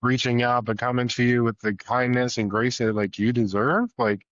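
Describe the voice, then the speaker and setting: A man's voice: medium pitch, fairly even intonation, normal speed, lo-fi sound. A man appearing as a podcast guest, offering encouraging, reflective remarks. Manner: encouraging, speaks with gentle reflective asides. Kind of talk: casual chat.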